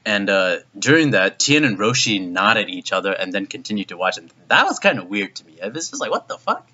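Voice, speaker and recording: Man, low and punchy, excitable reviewer who rambles and swears, recorded on dull gear. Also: a little fast. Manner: rambling and profane, heavy use of "like"; excitable, voice jumps up in disbelief. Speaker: anime reviewer. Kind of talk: casual video review.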